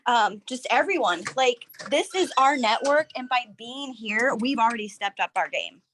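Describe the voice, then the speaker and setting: A woman's voice: fairly high pitch, lively intonation, moderate pace, fairly bright tone, a little hiss or hum. A woman on the team speaking earnestly and emphatically on a video call. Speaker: team member. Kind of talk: sharing on a group call.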